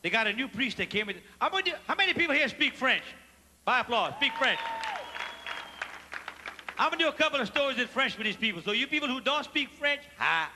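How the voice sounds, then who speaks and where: Bright, high Cajun man telling stage jokes. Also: sing-song, brisk, some chatter behind. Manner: folksy, chatty, teasing the audience. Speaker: stand-up comedian. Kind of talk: live stand-up storytelling. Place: theater stage before a live audience. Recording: live theater recording with long hall reverb and faint noise. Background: audience laughter.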